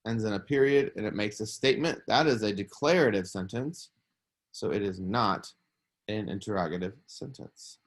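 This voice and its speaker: A male teacher giving a recorded grammar lesson for young students, patiently repeating each rule as he walks through examples step by step. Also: medium pitch.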